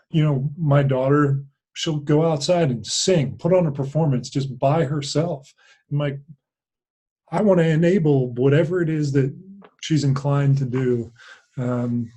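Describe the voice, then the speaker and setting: A man's voice: medium pitch, mellow. A man hosting a podcast in casual interview chat, easygoing and affirming. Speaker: podcast host.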